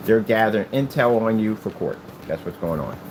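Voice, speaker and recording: A man's voice: on the low side, animated, a little fast, a little hiss or hum, poor audio. A man from the United States talking in a rambling, emphatic vlog monologue about his hobby channel. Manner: emphatic, repetitive ranting. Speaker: hobby crafter and channel owner.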